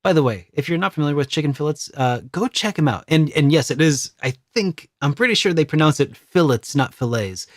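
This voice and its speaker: A man's voice: a little high, animated, fast, hardly any pauses, dry recording, studio quality. A man co-hosting a gaming podcast, rambling in easygoing chat with many restarts. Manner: rambling, lots of restarts and fillers. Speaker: podcast co-host.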